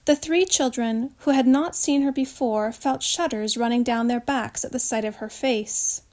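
A woman's voice: high voice, a little mellow. Woman reading a storybook aloud.

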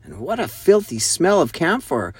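A man's voice: fairly high pitch, wildly swooping pitch, moderate pace, slightly rough, no echo, pitched above the performer's own voice, exaggerated voice. A man voicing a sulky, spiteful, sly younger schoolboy in a storybook reading.

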